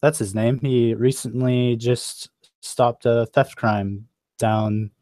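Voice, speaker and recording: A man's voice: medium pitch, level tone, takes it slowly, a little mellow, no echo, natural voice. A man voicing a helpful male tavern-goer who muses hesitantly while recalling a name. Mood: thoughtful. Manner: musing, hesitant.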